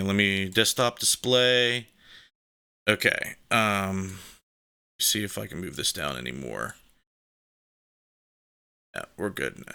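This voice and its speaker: A man's voice: deep voice, gravelly, pushed and bright, smooth. A man hosting a casual live stream, talking his guest and viewers through what he is doing on screen as he goes. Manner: talks while working the screen share. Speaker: show host.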